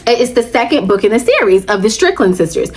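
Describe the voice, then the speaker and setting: Gushing woman with a high voice. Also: very animated, brisk, darkish tone, slightly rough, faint music behind. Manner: gushing, chatty, addresses viewers as "child" and "baby". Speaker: audiobook vlogger. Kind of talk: casual chat.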